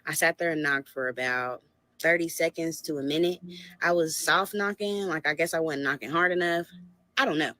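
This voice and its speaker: A woman casually telling a dating story in an animated, conversational way. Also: sits low, normal speed, no echo.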